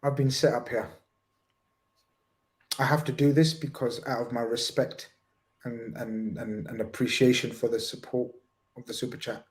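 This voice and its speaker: Brief: male co-host, casual live stream banter, playful and animated, mid-range voice. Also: mid-range voice, normal speed, pauses often. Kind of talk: casual live stream chat, reading super chats.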